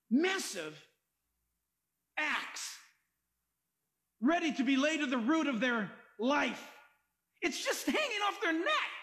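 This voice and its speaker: A male pastor preaching a sermon, animated and emphatic, quoting scripture and joking along the way. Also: extremely high pitch.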